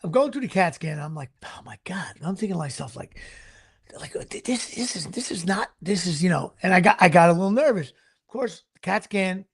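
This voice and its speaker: A man with a high, gravelly voice hosts a casual talk show. He tells his story in an animated, rambling way, circling back and restarting his sentences again and again. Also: fairly quick. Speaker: podcast host.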